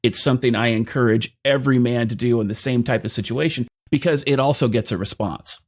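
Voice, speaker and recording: A man's voice: medium pitch, a little fast. A male host with a mid-range voice speaks firmly and directly to his listeners. He lays out his points with emphasis in a casual talk-show manner. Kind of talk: casual conversation, explaining to viewers.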